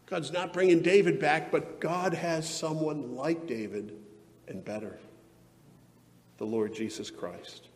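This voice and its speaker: A man's voice: a little high, takes it slowly, in a large hall, a little hiss or hum. A man pastor preaching a sermon in an earnest, emphatic way that rises into fervent passages.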